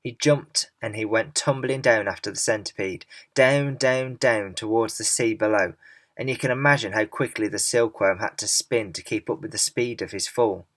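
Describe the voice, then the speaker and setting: A man narrating a children's novel aloud in a lively storytelling way. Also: fairly low pitch, moderate pace, dry recording. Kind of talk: audiobook reading of a children's novel.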